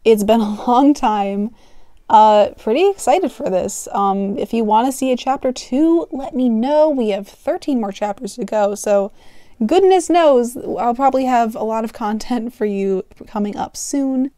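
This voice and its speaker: A woman's voice: fairly high pitch, animated, measured pace, mellow, no room sound. A young woman reading her old story aloud with giggly, self-mocking commentary, close to the mic. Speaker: youtuber.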